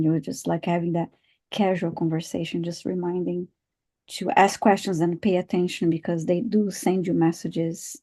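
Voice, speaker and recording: A woman co-hosting a live stream, speaking in an unhurried, soft-spoken way with light laughs. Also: lowish voice, level tone. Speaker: psychic reader and co-host. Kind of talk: live-stream casual chat.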